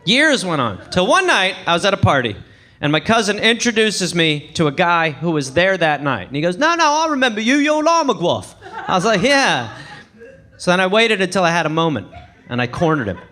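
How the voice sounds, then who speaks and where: A young man from England doing a stand-up set on a club stage, animated storytelling with sudden high bursts and low asides. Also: fairly quick. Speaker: stand-up comedian. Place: comedy club stage with audience.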